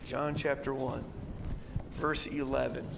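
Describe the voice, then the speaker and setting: A man's voice: mid-range voice, flat delivery, takes it slowly, gravelly, background noise. A man preaching an expository Bible sermon, emphatic and conversational, with many rhetorical questions to his congregation. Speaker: pastor. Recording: long reverb, faint room ambience.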